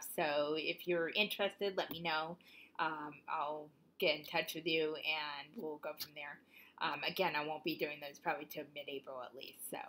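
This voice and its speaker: A woman hosting her own oracle card vlog, talking casually to the camera with gentle encouragement and stumbling over her words in bloopers. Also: fairly low pitch. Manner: gentle, encouraging sign-offs. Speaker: oracle card reader and channel host.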